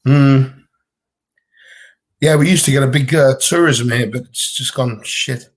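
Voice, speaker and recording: A man's voice: medium pitch, unhurried, husky. A man with a Gibraltarian accent, chatting bluntly and casually on a livestream Q&A from home, swearing freely. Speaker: livestream co-host.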